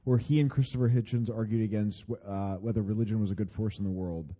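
A man's voice: lowish voice, fairly even intonation, quick pace, dark tone. A man co-hosting a podcast, chiming in during casual chat and stammering through repeated words. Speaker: podcast co-host.

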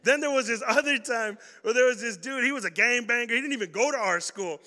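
Young male youth pastor, high bright voice, loose slangy storytelling, long hall reverb. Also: fast. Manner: animated, slangy, swings from loud stories to hushed points. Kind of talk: energetic youth sermon with storytelling.

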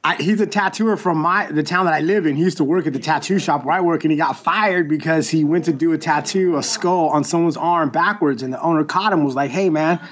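A young man, a tattoo artist, telling stories in a casual, laid-back way and swearing freely. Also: on the high side. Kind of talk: casual chat.

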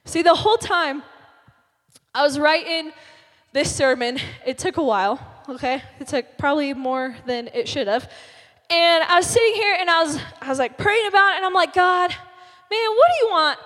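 A young woman preaching to a youth crowd with a chatty, animated delivery, swinging between casual asides and emphatic punches. Her voice sits high, and a long reverb trails every line through the large church hall. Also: normal speed. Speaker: youth speaker. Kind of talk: sermon.

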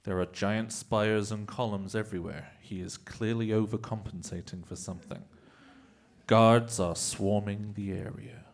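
A man's voice: on the low side, fairly even intonation, unhurried. A man narrating stage directions in a live improv comedy show, often chuckling.

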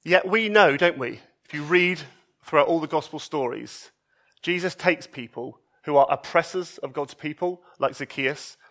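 A male preacher with a high, bright voice delivers a sermon. He swings between emphatic raised lines and hushed, soft passages. His tone is lively and pointed throughout. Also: moderate pace. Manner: expressive, shifts between emphatic highs and soft low passages.

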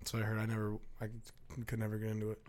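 A man's voice: fairly low pitch, completely flat delivery, rapid-fire, a little mellow. A man with a Midwestern accent co-hosting a casual podcast, offhand and blunt, swearing often. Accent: Midwestern American. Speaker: podcast co-host. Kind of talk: casual chat.

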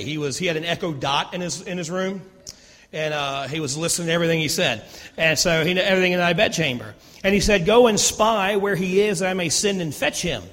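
A man's voice: high-pitched, fairly bright tone. A man preaching a sermon as pastor, reading scripture and then retelling it in casual modern terms. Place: church sanctuary. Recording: long reverb of a church hall.

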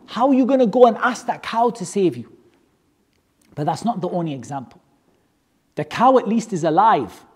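Religious teacher, animated storyteller, mid-pitched, joking, lively rhetorical questions. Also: moderate pace, pauses often, husky. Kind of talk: storytelling lesson to a class.

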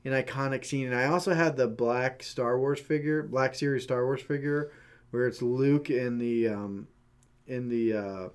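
A man's voice: medium pitch, fairly even intonation, moderate pace, smooth. A man co-hosting a casual chat, rambling with many fillers and teasing his partner. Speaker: podcast co-host.

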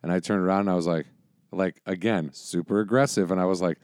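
A man with a fairly low voice tells rambling stories in casual chat, swearing freely and restarting his sentences. The sound is dry and close. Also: fairly even intonation, fast, darkish tone, clean tone, dry recording. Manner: rambling, profane storytelling with restarts.

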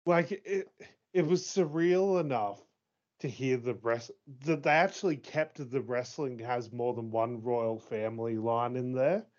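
A man in his thirties co-hosting a casual chat. He talks excitably, swears freely and laughs often. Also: mid-range voice, measured pace. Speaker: podcast co-host. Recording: dull lo-fi sound.

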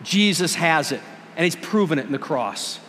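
A pastor preaching a sermon, earnest and emphatic, drawing out key words slowly for effect. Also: male voice, a little high, big pitch swings, a bit bright, long reverb tail, slight background noise. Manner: earnest and emphatic, with dramatic slowdowns. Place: church.

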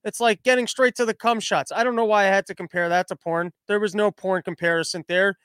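A man's voice: high-pitched, fairly even intonation, brisk, fairly bright tone, smooth, no room sound. A male comedian hosting a podcast, rambling through a crude, self-interrupting monologue. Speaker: comedian host.

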